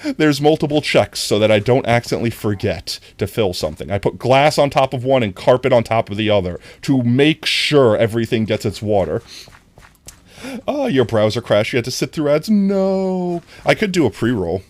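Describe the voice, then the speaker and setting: A young man talking to his stream chat while he plays, rambling and restarting his sentences. His pitch swings lively up and down. The sound is dry and close, with no room behind it. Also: brisk, no room sound. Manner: rambling, talks to chat, frequent self-interruptions. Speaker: livestreamer.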